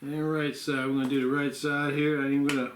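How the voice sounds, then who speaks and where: Speaking a little fast in a flat, medium-pitched voice, a man records a casual evening health vlog in a room at home. He drifts from topic to topic, yawning now and then, amid a roomy echo.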